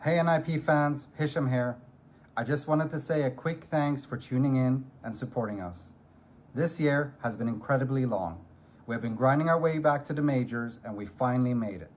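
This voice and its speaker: A man's voice: mid-range voice, moderate pace, a little mellow. A man, an esports organization's CEO, delivering a short scripted thank-you message to fans. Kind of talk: recorded video message.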